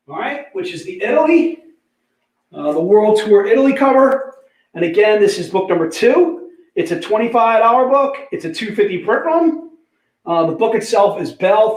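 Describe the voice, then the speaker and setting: A man hosting a casual livestream sales pitch, chatty, repeating prices and item numbers, calling viewers "dude". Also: reverberant, low-quality recording.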